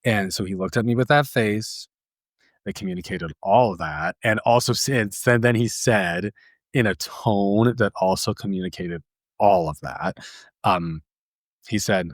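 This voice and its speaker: A man with a low voice tells a personal story as a therapist hosting a podcast. He speaks casually and emotionally, full of "like" fillers and the odd curse word. The recording is dry and close. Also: measured pace, no room sound. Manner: casual, many "like" fillers, occasional swearing; emotional, inward.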